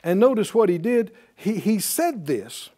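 A man delivers a sermon in a high, bright register. His pitch swings widely as he keeps pulling responses from the congregation. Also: measured pace. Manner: animated, calls for responses from the congregation. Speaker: preacher.

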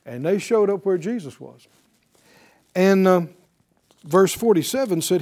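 A man's voice: high voice, lively intonation, measured pace, long pauses, a little mellow. A man teaching a Bible lesson in sermon style, emphatic and putting rhetorical questions to his listeners.

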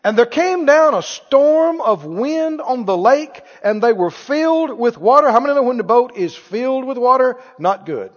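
A man preaching a sermon, animated, asking the congregation questions and acting out scenes. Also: very high-pitched, normal speed, hardly any pauses. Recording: reverberant church hall, dull lo-fi sound.

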